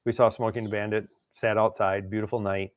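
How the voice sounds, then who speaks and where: A man's voice: fairly low pitch, flat delivery, fast, no echo, studio quality. A man hosting his channel, telling a long casual story with lots of laughs and acted-out quotes. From Wisconsin. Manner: rambling, laughs often, acts out quotes. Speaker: channel host.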